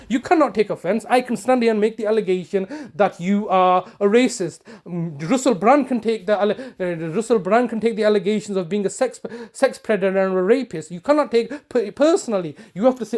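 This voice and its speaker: A man with a mellow, warm voice pressing his case with insistent repetition. He stumbles and restarts often but keeps pushing, and sits a little higher in pitch than most men. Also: a little fast, few pauses. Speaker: campaigner confronting a solicitor on a call. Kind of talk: heated phone argument, then commentary to camera.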